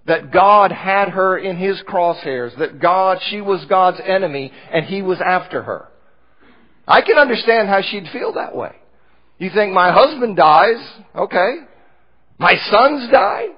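A man's voice: high voice, expressive, measured pace, dull audio. A man teaching a Bible study in church, explaining scripture passages with frequent restarts.

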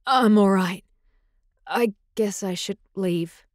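A woman's voice: medium pitch, moderate pace, darkish tone, dry recording, clean studio sound, close to an everyday voice. A woman voicing a stern, curt young male werewolf alpha in an audiobook. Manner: curt, disapproving. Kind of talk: audiobook character voice.

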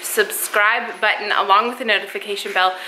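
A woman's voice: mid-range voice, fairly even intonation, fairly quick, bright, forceful tone, slight background noise, low-quality recording. A young woman chatting to the camera at home during the kids' bedtime routine, a casual family vlog. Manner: chatty, mom talking to kids and camera. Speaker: family vlogger.

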